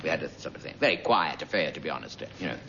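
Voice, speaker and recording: A man's voice: very deep voice, animated, racing. A man telling a rambling comic story, chatty and digressive, full of asides. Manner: digressive, chatty, peppered with 'you know'. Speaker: comedian. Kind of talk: rambling comic monologue on radio. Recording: dull lo-fi recording with loud noise.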